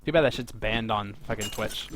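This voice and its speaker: A man's voice: on the low side, moderate pace, a bit bright. A man streaming a game live, giving rambling, profane, casual commentary into a desk mic.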